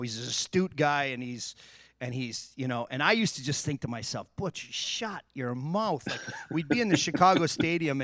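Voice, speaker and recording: A man's voice: medium pitch, a bit bright, dry recording, studio quality. A man who played hockey tells bench stories in a rambling way and often repeats his words. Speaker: former hockey player, panelist. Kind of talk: casual chat.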